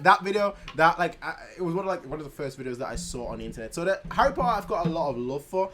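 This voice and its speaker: A young man talks casually as he reacts to a video, chatty and animated and quick to laugh. His voice sits a little high and swings up and down a lot as he talks. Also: slight background noise. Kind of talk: casual chat.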